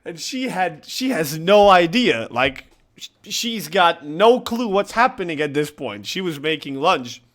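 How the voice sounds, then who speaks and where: A man recounts a household mishap to his viewers in casual vlog style. His voice sits a little high for a man, and he takes his time. He keeps breaking into laughter while he tells it. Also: big pitch swings, unhurried, fairly bright tone. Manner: chatty, laughs through his story. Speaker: gaming channel host.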